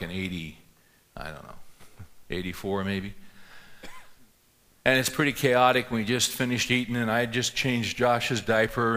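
A middle-aged pastor with a mid-range, slightly bright voice tells a personal story in a conversational sermon, asking the congregation questions along the way.

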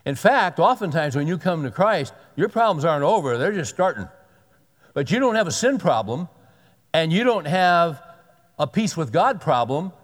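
A pastor preaching a sermon in a conversational, emphatic way, repeating key words for weight. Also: male voice, a little high, big pitch swings, normal speed. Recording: long hall reverb.

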